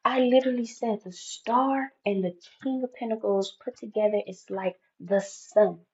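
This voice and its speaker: A woman's voice: medium pitch, normal speed, few pauses, a little mellow, dull audio. A woman giving an intuitive tarot reading, talking in an emphatic, spiritual way and often repeating phrases. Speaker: tarot reader.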